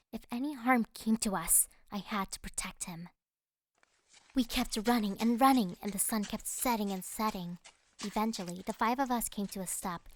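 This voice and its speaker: A woman with a mid-range voice narrates a first-person fantasy audiobook, reading in an expressive, dramatic style.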